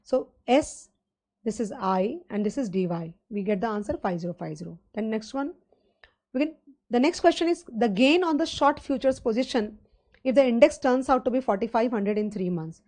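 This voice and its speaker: Indian woman, finance lecturer, live online class, conversational rambling, fairly high voice, warm and mellow. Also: animated, moderate pace. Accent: Indian English. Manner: conversational, rambling teaching with fillers and rhetorical questions.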